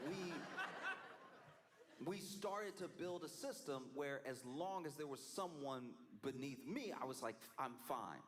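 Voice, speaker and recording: Animated, laughing male streamer. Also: medium pitch. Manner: animated, laughing, acts out quoted voices. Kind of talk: casual chat on a live stream.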